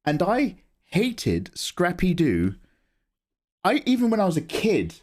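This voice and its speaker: Young man, chatty streamer, slightly high voice with lots of movement, close desk mic. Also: wildly swooping pitch, takes it slowly. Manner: chatty, jokey, rambling. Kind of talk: casual live-stream chat.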